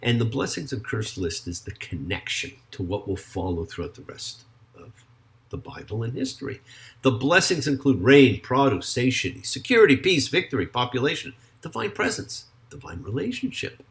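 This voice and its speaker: A man, a rabbi, giving a sermon with slow, drawn-out stress on key words and parts of prayer sung. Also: mid-range voice, very animated, creaky, a bit bright. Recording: faint guitar music behind.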